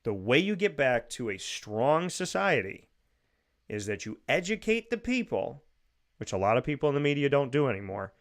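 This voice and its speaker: A man's voice: mid-range voice, big pitch swings, moderate pace. A man hosting a radio show, delivering an emphatic, opinionated monologue and acting out imagined speakers. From United States.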